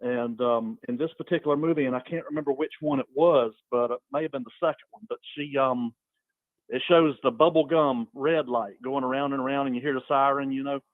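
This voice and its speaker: A man's voice: medium pitch, steady tone, fairly quick, no echo, narrow, tinny audio. A man chatting casually on a talk show, telling funny stories in a laid-back way and laughing at them. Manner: laid-back storyteller, chuckles often. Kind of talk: casual chat.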